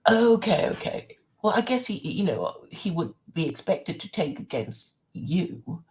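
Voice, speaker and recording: A woman's voice: fairly low pitch, very animated, unhurried, darkish tone, husky. A woman in casual conversation as a guest, asking follow-up questions and restarting her sentences. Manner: questioning, many restarts and "mm-hmm". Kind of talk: casual chat.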